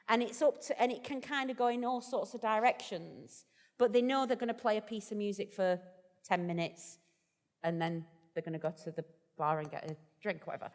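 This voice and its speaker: A woman's voice: on the high side, long reverb tail. A woman vicar as the guest in a live stage conversation, chatty, jokey and self-deprecating. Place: festival event hall.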